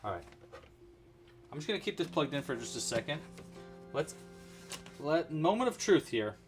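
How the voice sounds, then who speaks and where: A man talks viewers through a crochet project on a casual livestream. His pitch swings widely as he narrates each step and tosses in playful asides. Faint music plays behind him. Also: big pitch swings, moderate pace. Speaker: crochet instructor.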